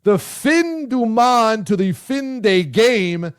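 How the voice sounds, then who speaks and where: A male show host interviewing a guest, loud and excitable, sometimes shouting his praise. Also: high-pitched, takes it slowly, clean tone. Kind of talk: casual interview chat.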